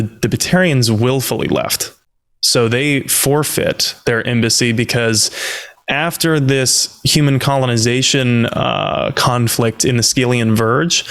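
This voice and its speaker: A man hosting a podcast, explaining game lore in a casual, steady, explanatory way. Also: medium pitch. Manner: explanatory, steady, runs through lists of facts. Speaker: podcast host.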